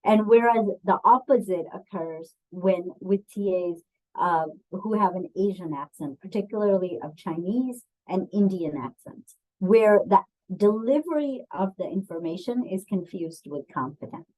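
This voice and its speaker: A woman's voice: medium pitch, expressive, measured pace, darkish tone, poor audio. A woman presenting a webinar on bias, talking in a conversational way with frequent ums and putting questions to her audience. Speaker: diversity and bias trainer.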